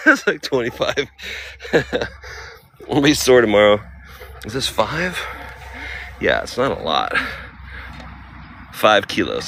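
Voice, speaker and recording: A man's voice: lowish voice, big pitch swings, unhurried, pauses often, a bit bright, slight background noise. A man vlogging casually at an outdoor exercise park, joking and playful. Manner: joking, playful, often exclaiming. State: out of breath. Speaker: travel vlogger. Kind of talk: casual vlog chat.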